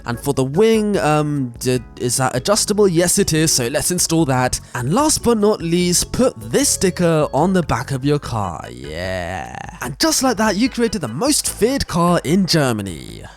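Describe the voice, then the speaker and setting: Lively man giving gameplay commentary. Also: on the high side, a little slow, faint music behind. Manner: animated, joking, often trips over his words. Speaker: gaming channel host.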